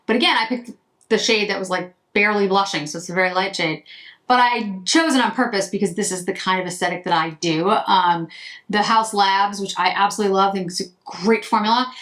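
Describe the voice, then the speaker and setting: A woman's voice: mid-range voice, fairly quick, a bit bright. A woman beauty vlogger chatting casually to camera while doing her makeup, rambling and breaking off mid-sentence. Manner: chatty, rambling, self-interrupting.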